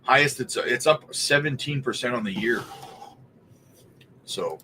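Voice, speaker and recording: A man's voice: mid-range voice, measured pace, a little hiss or hum. A man hosting a casual livestream, chatting loosely and greeting viewers by name as he goes. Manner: relaxed, laughs between remarks. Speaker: crypto livestream host.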